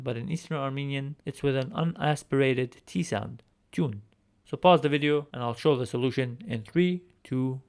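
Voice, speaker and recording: Male language teacher, mid-pitched, patient, repeats words for learners. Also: clean tone. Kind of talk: recorded alphabet lesson.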